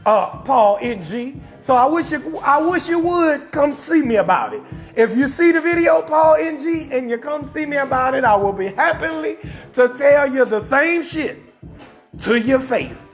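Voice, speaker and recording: A man from New Orleans with a New Orleans accent, a comedian hosting a live stream and roasting someone in a loud, profane rant with shouted bursts. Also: very high-pitched, expressive, moderate pace, faint music behind. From New Orleans, USA.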